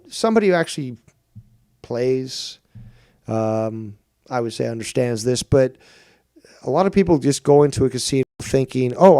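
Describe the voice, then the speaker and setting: A man's voice: mid-range voice, warm tone, dry recording, studio quality. A middle-aged man hosting a live stream, ranting with lots of swearing and mocking others in whiny put-on quotes. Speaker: streamer and show host.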